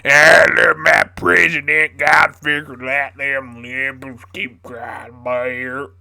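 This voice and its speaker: A cranky, boastful Southern trucker drawls slowly through his lines, as a man streaming puts him on. The voice is bright and sharp, the tempo lazy. It sounds like a streaming mic in a home setup. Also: mid-range voice, level tone, creaky, full character voice. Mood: mocking drawl. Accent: put-on American Southern. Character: loud redneck male southern trucker, cranky.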